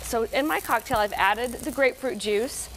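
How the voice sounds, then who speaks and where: A woman's voice: fairly high pitch, moderate pace, fairly bright tone, slight background noise, low-quality recording. A woman cookbook author giving a live TV cooking demonstration, explaining each step in a friendly, instructive way. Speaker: barbecue cookbook author and guest. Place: TV studio kitchen.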